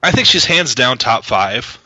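A man's voice: medium pitch, animated, a little slow, sharp tone, breathy edge, highs cut off. A man co-hosting a podcast, chatting casually and teasing his co-host in joking banter. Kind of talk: casual chat about card games.

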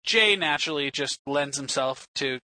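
Male co-host, slightly high and sharp-toned, persistent arguer, dry close sound. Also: animated, moderate pace. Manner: argumentative, persistent. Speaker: podcast co-host. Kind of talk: casual podcast chat.

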